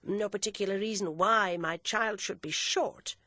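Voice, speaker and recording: Urbane, teasing middle-aged gentleman, as a woman reads him, dry and ironic. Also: medium pitch, normal speed, no room sound, close to an everyday voice.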